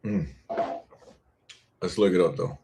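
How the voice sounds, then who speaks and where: A man's voice: sits low, slow, creaky, background noise. A man voice actor chatting casually on a live stream, laid-back, thinking aloud and swearing freely.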